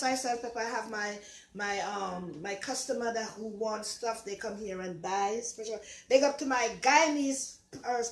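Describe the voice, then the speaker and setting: An older woman with a Jamaican accent, hosting a casual home cooking vlog in a chatty, rambling, affectionate way. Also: a little high. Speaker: cooking show host. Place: home kitchen. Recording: echoey kitchen.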